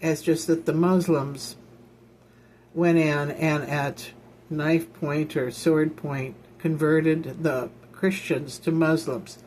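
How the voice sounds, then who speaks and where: A woman minister talks in an unhurried, drawn-out way, circling back and repeating herself as she goes. Her delivery is homespun and conversational rather than polished, and a faint hum of room ambience sits behind her. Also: sits low, fairly even intonation, darkish tone. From Illinois, United States. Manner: rambling, repeats herself, folksy asides. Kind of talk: informal ministry talk.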